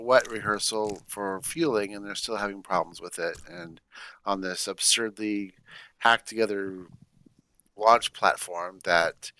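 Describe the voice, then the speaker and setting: Low-voiced man, blunt and dismissive. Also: pushed and bright. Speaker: podcast panelist. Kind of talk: casual chat.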